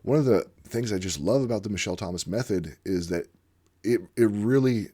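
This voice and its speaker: Male host, very low voice, casual unscripted monologue, rambling and eager. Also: moderate pace, dark tone, slightly rough. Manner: rambling and enthusiastic, with frequent fillers. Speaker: channel host discussing language teaching; former literacy teacher.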